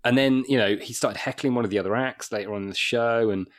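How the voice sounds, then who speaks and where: A man, a stand-up comedian, chatting as a guest and telling lively anecdotes with frequent laughs. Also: medium pitch, fast talker. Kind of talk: casual chat.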